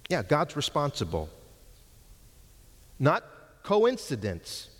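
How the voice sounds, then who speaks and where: A man's voice: medium pitch, animated, takes it slowly, pauses often, in a large hall. A man preaching an expository sermon, teaching with emphatic stress on key words.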